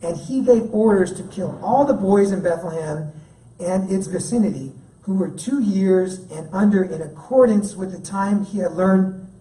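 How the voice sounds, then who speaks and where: A man's voice: high-pitched, moderate pace, warm tone. A man giving a sermon as guest speaker at a church, talking in a casual, joking way. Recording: echoey room, mic at a distance.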